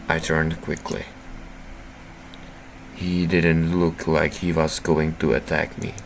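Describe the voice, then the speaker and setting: Male let's player, very slow and deep, gravelly, reads game text, swears loudly at surprises. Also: level tone, rough recording. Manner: reads narration slowly, breaks into loud profane reactions. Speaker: game streamer. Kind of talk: let's play reading a visual novel aloud. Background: faint game music.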